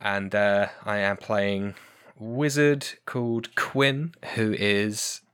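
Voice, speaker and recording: A man with a lowish voice and a bright, forceful edge, talking casually as a podcast guest. He rambles, restarts his sentences and keeps breaking into laughter. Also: fairly even intonation, slow pace, clear, resonant tone. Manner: rambling, self-correcting, laughs often. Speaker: podcast guest and tabletop player. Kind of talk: casual chat.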